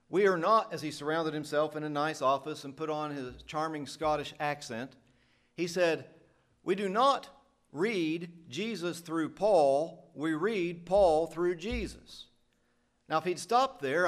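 A middle-aged man from the United States, preaching a sermon in an earnest, emphatic way. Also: on the high side.

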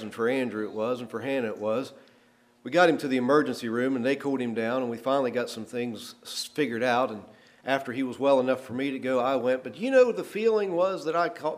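A middle-aged man preaching a sermon, telling a quiet family story and then slowing down and growing loud on quoted verses. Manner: swings from soft, low storytelling to loud, slowed-down emphasis on quoted verses. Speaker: pastor.

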